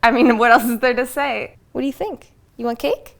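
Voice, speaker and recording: A woman's voice: on the high side, brisk, creaky. Chatty young woman baking at home. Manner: chatty, talks to her dog. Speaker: vlogger. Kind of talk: casual baking vlog. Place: home kitchen.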